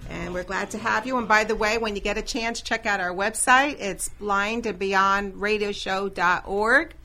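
Bright-voiced woman radio host. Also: mid-range voice, moderate pace, faint music behind. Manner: friendly, chatty, laughs easily. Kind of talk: casual radio talk show. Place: radio studio.

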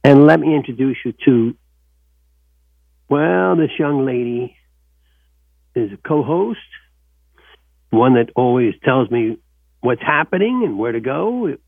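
Gravelly-voiced man hosting radio show. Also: mid-range voice, animated, takes it slowly, long pauses, no room sound. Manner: warm joking, repeats welcomes. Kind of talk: casual radio talk. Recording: dull lo-fi radio sound.

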